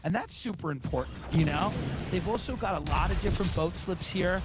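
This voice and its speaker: A man voicing a smooth, pushy male realtor making an ingratiating sales pitch to a client. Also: fairly quick, loud music behind the voice, natural voice. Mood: salesy.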